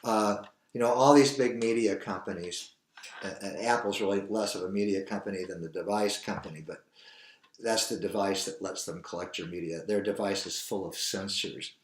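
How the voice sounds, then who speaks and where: A man's voice: fairly low pitch, normal speed. Older man hosting, echoey room. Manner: rambling, earnest, with restarts. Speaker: show host. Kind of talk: opinionated solo commentary.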